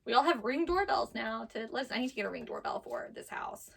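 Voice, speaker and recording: Chatty woman in her 30s, bright high voice, does little voices in her stories. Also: sing-song, quick pace, gravelly, breathy edge. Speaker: vintage box co-owner. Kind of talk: casual chat.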